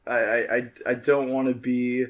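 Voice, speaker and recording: A man's voice: mid-range voice, flat delivery, normal speed, highs cut off. A young man co-hosting a casual podcast, stumbling and repeating words as he starts his thoughts. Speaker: podcast co-host.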